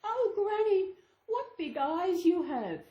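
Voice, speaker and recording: A woman voicing a sweet, innocent little girl in a red hood while reading a storybook aloud, in a high childlike voice. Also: sing-song, slow, dark tone, dull audio, heavily acted. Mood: wide-eyed. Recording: echoey room.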